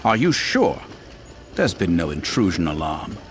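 A man voicing a cool, menacing Imperial officer who speaks slowly and quietly threatens. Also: low-pitched, sing-song, slight background noise, voice pushed down. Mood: cold, probing.

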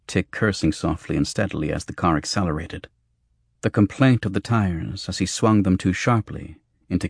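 A deep-voiced male audiobook narrator delivers scripted narration in a darkish tone. The recording is dry and of studio quality.

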